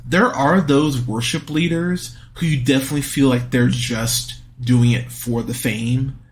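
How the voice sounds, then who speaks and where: Male podcast host, mid-pitch voice, blunt, foul-mouthed, exasperated film-review monologue. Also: fairly even intonation, a little slow. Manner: blunt, swears freely, exasperated outbursts.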